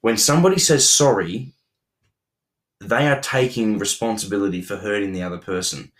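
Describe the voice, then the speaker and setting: A man's voice: on the low side, normal speed. A young adult man co-hosting a relationship podcast, talking earnestly with many restarts and repeated words. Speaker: podcast co-host. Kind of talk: relationship advice chat.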